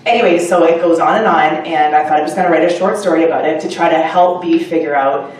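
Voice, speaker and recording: A woman telling the audience about her short story at a live book launch, chatty and animated, with many fillers and asides. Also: low voice, fast talker, distant mic. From Canada. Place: upstairs room of a restaurant at a live event. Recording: very echoey room, voice from off-mic.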